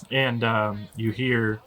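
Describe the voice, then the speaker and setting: A man's voice: mid-range voice, expressive, extremely slow, a bit bright, a faint crowd. A man narrating as game master of a tabletop game in a casual, rambling way.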